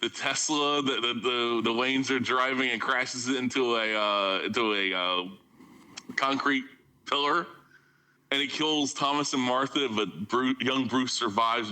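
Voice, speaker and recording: A man's voice: mid-range voice, measured pace, bright, forceful tone, rough recording. A man co-hosting a podcast, talking in a loose, rambling comic way with frequent laughs and restarts. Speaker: podcast co-host. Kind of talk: casual comedic chat.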